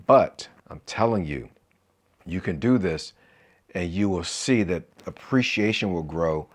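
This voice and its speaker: Preacher-like marriage coach, a man. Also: fairly low pitch. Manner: preacher-like call-and-response asides. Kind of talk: encouraging talk to camera.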